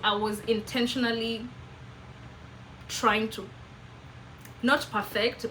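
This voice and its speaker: Bright-voiced Kenyan woman vlogging. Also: mid-range voice, slight background noise, low-quality recording. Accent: Kenyan English. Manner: chatty, animated, self-mocking. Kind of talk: casual storytelling to camera.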